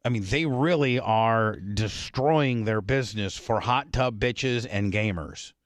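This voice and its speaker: A man's voice: medium pitch, measured pace, no room sound, clean studio sound. A man hosting a talk radio show, telling blunt, brash stories in casual banter. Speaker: radio host.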